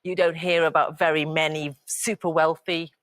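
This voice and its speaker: A middle-aged woman from Liverpool with a Scouse accent, telling stories in an animated, sing-song way as a panelist in a casual chat. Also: sits low, moderate pace, no room sound. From Liverpool, England.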